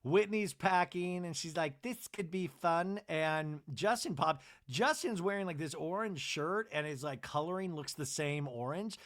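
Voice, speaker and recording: Man, high voice, from New Jersey, podcast host, sarcastic rambling recap, lots of asides. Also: normal speed, few pauses, fairly bright tone. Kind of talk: comedic TV episode recap.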